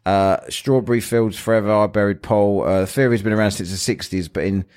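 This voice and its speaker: A man's voice: fairly low pitch, steady tone, a little fast, a little mellow. A man hosting a casual podcast chat, joking, rambling and laughing often. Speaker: podcast host.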